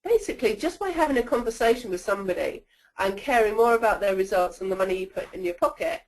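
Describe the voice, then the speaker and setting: A woman's voice: medium pitch, expressive, quick pace, low-quality recording. Woman trainer leading a webinar, chatty coaching delivery, keeps checking in with listeners. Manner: coaching, checks in with "okay?" often. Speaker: sales trainer presenting a webinar.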